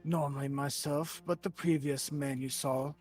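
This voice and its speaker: A man's voice: fairly high pitch, steady tone, normal speed, a little mellow, faint music behind. A man playing a tabletop role-playing game, mixing in-character speech with casual, joking talk. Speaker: player.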